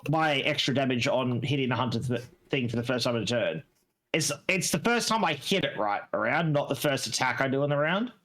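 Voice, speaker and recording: A man's voice: medium pitch, animated, fairly quick, fairly bright tone. A man playing in a tabletop game, talking casually, swearing and thinking aloud about the rules. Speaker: player.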